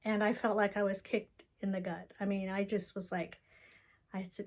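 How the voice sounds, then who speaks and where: A woman's voice: medium pitch, level tone, moderate pace. A woman giving a candid, rambling personal video update about her family, telling the story with emotion.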